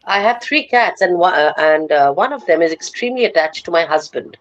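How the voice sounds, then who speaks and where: A woman's voice: on the low side, lively intonation, a little fast, muffled recording. A woman on a live panel, telling a personal anecdote in a storytelling manner. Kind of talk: casual panel discussion.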